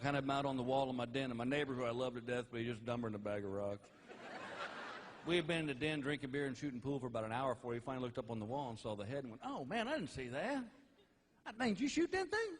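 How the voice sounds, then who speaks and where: A middle-aged man doing live stand-up comedy on stage, telling stories and landing each punchline slowly and loudly. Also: mid-range voice, big-room sound. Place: large theater with audience. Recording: live stage recording with crowd laughter and noise. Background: audience laughing.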